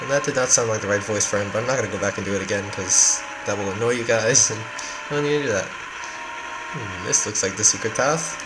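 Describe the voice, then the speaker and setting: A man giving casual, excitable, self-mocking commentary while he plays a video game. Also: lowish voice, fairly quick, heavy background noise. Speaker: let's play gamer. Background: game music.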